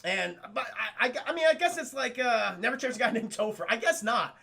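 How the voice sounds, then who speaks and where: A man's voice: extremely high pitch, animated, brisk, gravelly, bright, forceful tone, slightly rough. A man streaming live, recapping a movie in a casual, profane, rambling way while talking to his chat. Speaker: streamer reviewing a film.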